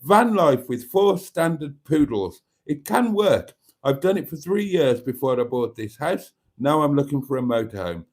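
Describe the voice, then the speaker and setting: A man's voice: on the high side, very animated, moderate pace, hardly any pauses. A man hosting a live stream, reading out viewer comments with wry, self-mocking asides. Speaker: channel host.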